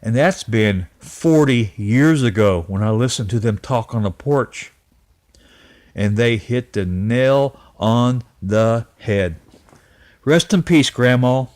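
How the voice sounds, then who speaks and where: A man in his fifties recalling a family memory in a personal vlog, speaking earnestly and haltingly, often repeating and restarting his words. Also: mid-range voice, a little mellow. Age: 50s. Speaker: channel host. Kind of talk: personal reminiscence to camera.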